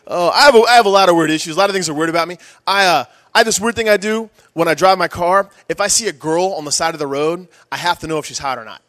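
A fast-talking young man on a comedy club stage, rambling through a crude, self-mocking set. His voice sits a bit high for a man and tumbles quickly from one aside to the next. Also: a bit bright, no echo. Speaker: stand-up comedian.

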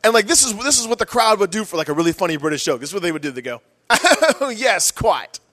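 A fast-talking young man on a comedy club stage, rambling through a crude, self-mocking set. His voice sits a bit high for a man and tumbles quickly from one aside to the next. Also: fairly bright tone, no room sound, clean studio sound. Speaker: stand-up comedian.

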